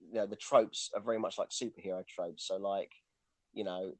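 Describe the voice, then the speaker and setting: Rambling man, low dry voice. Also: steady tone, fairly quick, a little mellow, dry recording. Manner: rambling, lots of restarts and "you know". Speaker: podcast co-host. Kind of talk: casual film chat.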